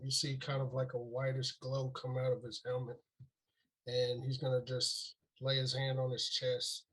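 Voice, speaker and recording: A man playing a tabletop game, describing his character's actions in a halting way with many fillers. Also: mid-range voice, poor audio. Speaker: player.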